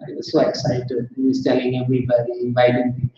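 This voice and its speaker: A man's voice: medium pitch, completely flat delivery, fast talker, warm tone. A man telling a scripture story in a sermon, chatty and laughing at his own asides. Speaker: temple speaker. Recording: echoey temple hall, distant dull mic.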